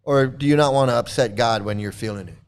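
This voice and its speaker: A man's voice: mid-range voice, quick pace, clear, resonant tone. A man hosting a commentary video, ranting angrily and sarcastically at his viewers, often repeating himself and stumbling over restarts. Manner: angry, sarcastic, mocking; repetitive, stammering restarts.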